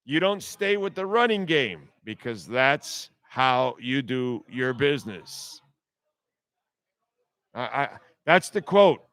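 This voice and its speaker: A man's voice: medium pitch, sing-song, slow, fairly bright tone, no echo. A man hosting a sports talk radio show, ranting bluntly and sarcastically with plenty of profanity.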